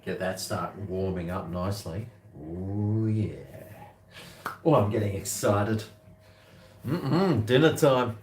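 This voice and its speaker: A man's voice: on the low side, slow pace, long pauses, distant mic, background noise. Rambling Australian man cooking in echoey kitchen. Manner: blunt, rambling, swears freely. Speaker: cooking vlogger. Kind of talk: casual talk to camera while cooking. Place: home kitchen.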